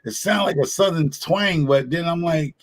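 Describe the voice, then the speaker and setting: A man's voice: on the high side, moderate pace. A man chatting casually as a guest in an online chat, teasing playfully.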